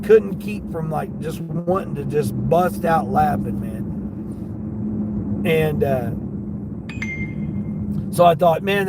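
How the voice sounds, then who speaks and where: A man telling a funny story in casual livestream chat while driving for deliveries, laughing and acting out what people said. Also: sits high. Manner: laughing, animated retelling with quoted voices. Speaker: delivery driver streamer. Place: in a car. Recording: car noise behind the voice. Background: car and street noise.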